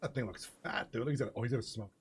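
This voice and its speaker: A man's voice: medium pitch, animated, racing, gravelly, husky. A man hosting a live stream, chatting casually, laughing often, swearing freely and reading chat aloud. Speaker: host of an online hockey game league stream.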